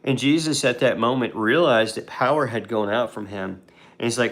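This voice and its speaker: Creaky-voiced man retelling a Bible story. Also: mid-range voice, moderate pace, a bit bright. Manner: conversational, with fillers and restarts. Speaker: devotional video host.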